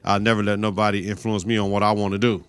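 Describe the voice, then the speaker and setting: A man voicing a self-assured young male gang leader in a low, steady, streetwise drawl while retelling a TV episode. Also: quick pace, clear, resonant tone, natural voice. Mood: defiant.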